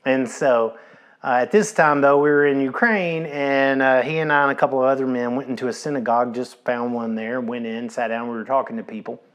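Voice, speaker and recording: A man preaching a sermon from the pulpit. He speaks at a middle pitch and tells stories in a conversational way, repeating his key phrases and dropping in casual asides. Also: fairly even intonation, brisk, a bit bright, clear, resonant tone. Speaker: pastor.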